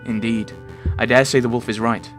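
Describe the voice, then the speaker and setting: A man's voice: mid-range voice, steady tone, moderate pace, faint music behind, close to an everyday voice. A man voicing a sly male fox private investigator in a visual novel, speaking in a theatrical, mock-formal way.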